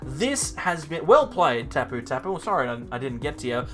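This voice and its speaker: A man talks through his card game match as he plays, chatty and self-mocking, often addressing his opponent directly. His voice sits at an ordinary middle pitch, with soft music playing quietly underneath. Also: big pitch swings, normal speed. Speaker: channel host. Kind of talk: live gameplay commentary.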